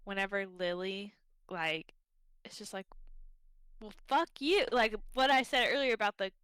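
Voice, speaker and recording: A woman's voice: mid-range voice, normal speed, bright, forceful tone, smooth, dry recording. A young woman co-hosting a casual book club livestream, talking bluntly with lots of fillers and some swearing.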